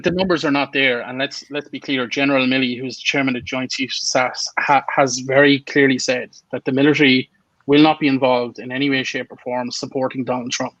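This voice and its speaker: A man's voice: medium pitch, steady tone, a little fast, fairly bright tone, no room sound, highs cut off. A man co-hosting a casual political chat show, blunt and opinionated, swearing freely. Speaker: podcast co-host.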